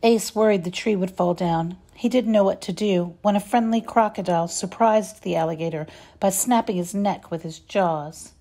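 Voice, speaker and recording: A woman reading a children's story aloud, expressive and measured. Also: medium pitch. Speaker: reader.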